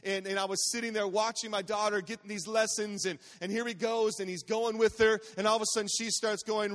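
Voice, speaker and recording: A man's voice: high voice, steady tone, fairly quick, few pauses, fairly bright tone. A man in his forties, a guest pastor telling a humorous family story in a sermon, chatty and calling out to the congregation. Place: large church sanctuary. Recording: long church hall reverb.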